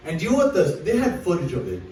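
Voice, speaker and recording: A man's voice: high-pitched, wildly swooping pitch, very fast, darkish tone, a little hiss or hum. A young man doing a rambling, crude stand-up set at an open mic, reading jokes off a list on a small club stage. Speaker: stand-up comedian. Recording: echoey club recorded from far off.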